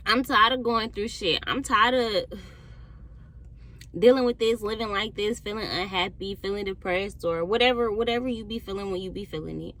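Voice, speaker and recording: Bright-voiced young woman, candid rant. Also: medium pitch, moderate pace. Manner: candid, heavy cursing, swings between quiet and heated. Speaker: podcast host. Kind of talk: casual monologue.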